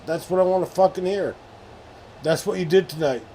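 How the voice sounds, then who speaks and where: A man with a high, warm voice talks briskly while hosting a late-night live stream. In casual chat, he rambles and swears as he showers a teammate with mock sports praise.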